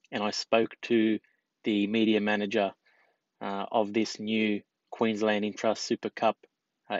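A man's voice: fairly low pitch, no echo, highs cut off. A man hosting a sports podcast in a casual, enthusiastic, friendly way. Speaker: podcast host.

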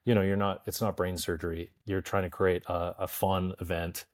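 Canadian guest actor, low voice, easygoing and self-deprecating, quick to laugh. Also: male voice, level tone. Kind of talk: casual interview chat.

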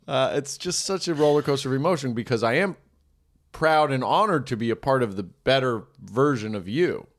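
A man's voice: medium pitch, lively intonation, normal speed, long pauses. A man hosting a casual podcast chat, playfully riffing on jokes.

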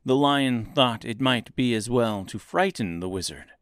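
A man narrating a children's storybook in a measured reading. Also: mid-range voice, expressive, no echo, clean studio sound. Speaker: audiobook narrator.

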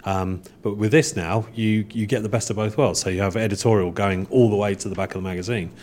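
A man's voice: lowish voice, fairly even intonation, fast talker, a little mellow, slight background noise. A man on a magazine's staff, chatting casually and jokily on a panel.

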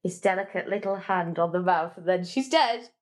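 A woman's voice: fairly low pitch, moderate pace. A woman on a film podcast panel, speaking casually and filling her sentences with "like" and "you know".

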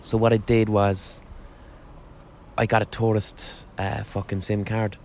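Male podcast host, lowish voice, loose sweary street-corner monologue, faint city hum behind. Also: little pitch movement, a little slow, a little mellow. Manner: rambling, sweary, frequent restarts. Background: faint street ambience.

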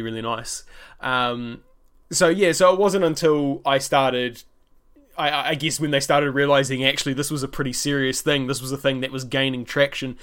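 A man's voice: medium pitch, sharp tone, clear, resonant tone. Young New man, podcast host, casual rambling solo chat, mid-range voice. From New Zealand. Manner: rambling, many fillers and restarts. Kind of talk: casual solo podcast, answering listener questions.

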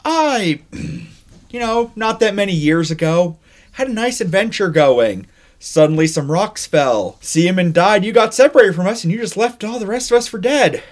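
A man's voice: high-pitched, expressive, normal speed. A man voicing a bitter, tall Goliath man, a former adventuring companion who holds a grudge. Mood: reproachful. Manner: grudging, reproachful.

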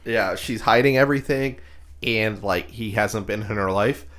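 A man's voice: lowish voice, moderate pace, a bit bright. A man co-hosting a podcast, tossing in joking, sarcastic one-liners and laughing often. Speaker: podcast co-host. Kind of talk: casual podcast banter.

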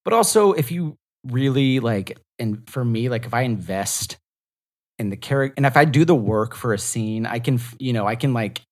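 Male podcast guest from the South, mid-pitched, loose and rambling delivery. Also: lively intonation, moderate pace. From the American South. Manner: rambling, full of fillers and restarts. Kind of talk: casual interview chat.

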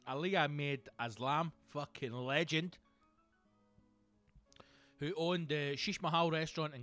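A Glaswegian Scottish man riffs through a comedy podcast, swearing constantly and putting on voices for the people in his stories. His pitch sits mid-range, and faint music runs under him. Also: fairly bright tone. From Scotland. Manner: sweary, rambling, acts out characters. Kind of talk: solo comedy podcast monologue.

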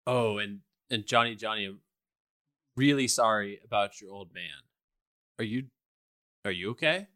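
A man playing a caring young adventurer in a tabletop game, with a gentle, reassuring way of talking. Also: on the low side, normal speed, voice pushed down. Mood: concerned. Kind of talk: in-character tabletop role-play.

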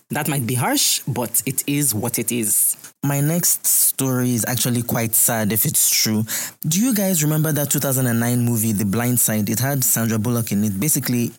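A man's voice: mid-range voice, darkish tone. Emphatic Nigerian man hosting a podcast. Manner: emphatic, preachy, repeats points for stress. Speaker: podcast host. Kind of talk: solo commentary podcast.

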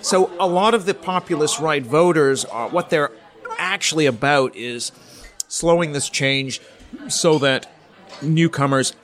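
A middle-aged man from Canada, a politics professor answering interview questions in a measured, explanatory way, thinking aloud with fillers and restarts. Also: a little high, fairly bright tone.

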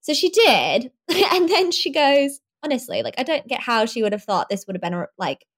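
A young woman, a podcast guest, telling her birth story in an animated way, laughing often. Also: high-pitched, normal speed.

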